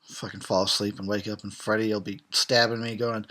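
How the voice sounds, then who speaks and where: A man's voice: lowish voice, little pitch movement, a little fast, few pauses, pushed and bright. A tired man who has been drinking, giving casual, profane, sarcastic commentary on a film and chuckling often. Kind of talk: casual drunk movie commentary.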